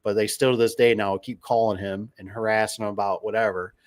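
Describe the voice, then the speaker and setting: A man's voice: lowish voice, level tone, a little fast. Middle-aged guy talking casually, rambly, keeps repeating himself, gets worked up. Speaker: podcast host. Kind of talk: casual storytelling monologue.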